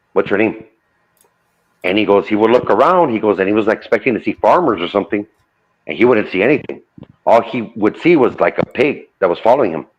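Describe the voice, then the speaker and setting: A man casually retelling a true ghost story, relaying the dialogue with lots of "I go" and "he goes.". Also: lowish voice. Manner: loose retelling full of "I go" and "he goes". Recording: dull lo-fi audio.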